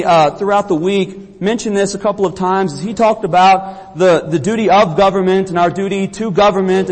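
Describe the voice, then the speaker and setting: Preacher guy from kentucky, earnest sermon, high pitched, echoey church hall. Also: a little mellow. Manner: earnest, repeats words and phrases for emphasis. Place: church sanctuary.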